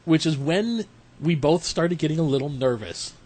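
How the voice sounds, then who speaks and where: A man's voice: on the high side, expressive, normal speed, a little mellow. Chatty man acting out his stories. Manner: rambling storyteller, acts out quotes. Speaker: podcast co-host. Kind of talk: casual chat.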